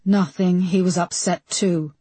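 Lady reading as a teary erratic woman suspect, low husky voice, dry sound. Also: fairly even intonation, measured pace, mellow, no room sound. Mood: guarded. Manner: tearful, erratic, hissing outbursts. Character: distraught middle-aged woman suspect, unstable.

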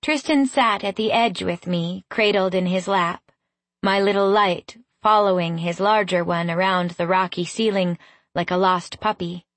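A woman narrating a first-person fantasy story in an unhurried, gently expressive way. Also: on the low side, no room sound. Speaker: audiobook narrator.

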